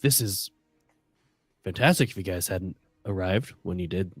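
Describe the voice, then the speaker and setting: A man's voice: sits low, moderate pace, breathy edge, no echo, studio quality, soft background music. A man voicing a grateful young male town mayor who gushes his thanks. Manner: eager, gushing thanks.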